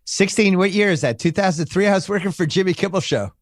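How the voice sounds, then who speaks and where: A man's voice: high-pitched, fast talker, dry recording, clean studio sound. A man hosting a casual podcast, running through the show lineup in an upbeat, rambling way with frequent restarts. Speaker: podcast host.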